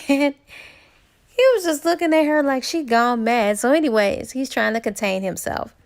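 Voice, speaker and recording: Woman with a gravelly, high-pitched voice. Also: normal speed. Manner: chatty, slangy storytelling with fillers and laughs. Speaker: book reviewer. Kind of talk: casual plot retelling.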